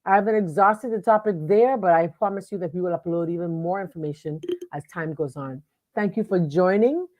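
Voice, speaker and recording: A woman's voice: fairly low pitch, fairly quick, a little mellow. A woman hosting a live online talk show, speaking casually with lots of fillers and restarts and greeting viewers by name. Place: home studio at a computer.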